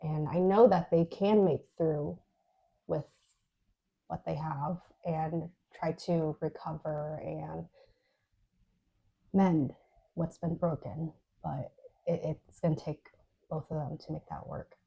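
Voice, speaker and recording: A woman's voice: sits low, steady tone, slow, gravelly, pauses often, slightly rough, muffled recording. A woman co-hosting a podcast, recounting a dream in a chatty, casual way with lots of fillers. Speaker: podcast co-host. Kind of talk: casual storytelling.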